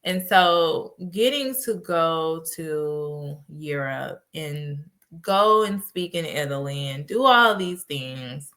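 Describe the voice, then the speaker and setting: Casting: woman host, lowish pitch but bright tone, chatty storyteller. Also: slow pace. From United States. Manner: animated storytelling with laughs. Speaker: podcast host and life coach. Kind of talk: casual solo podcast talk.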